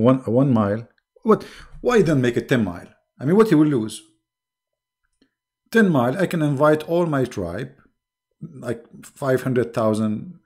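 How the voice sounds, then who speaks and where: A man's voice: medium pitch, mellow. A man with an Arabic accent, hosting an online debate show and delivering a sarcastic, mocking commentary monologue full of laughter. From Arab world.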